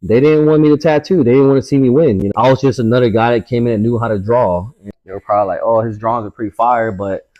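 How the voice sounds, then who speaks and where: A man who works as a tattoo artist races through a casual story as a guest, cursing freely and imitating the voices of people in it. His voice is mid-range, and the dry recording sounds dull.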